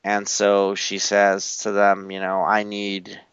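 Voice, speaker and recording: A man co-hosting a podcast, recapping episodes in casual chat, blunt and quick to swear, acting out the characters' lines. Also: fairly low pitch, completely flat delivery, fairly bright tone, smooth, no room sound, dull audio. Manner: blunt, swears freely, acts out quotes. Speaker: podcast co-host.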